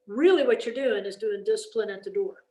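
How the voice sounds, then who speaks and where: A woman giving a lively teacher-training workshop in a folksy, emphatic way, often checking in with "okay?". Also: mid-range voice, fairly quick. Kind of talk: energetic classroom-management talk. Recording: echoey room.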